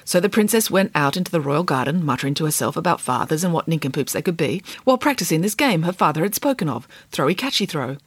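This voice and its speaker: Woman storyteller, lively animated reading, dry close sound, theatrical comic timing. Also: deep voice, fast, hardly any pauses, husky, no echo.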